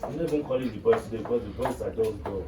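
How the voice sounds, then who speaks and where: A man's voice: lowish voice, racing. A man with a Nigerian accent teaching an English lesson to a class, quizzing students and checking "are you getting me". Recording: echoey classroom from far off with noise.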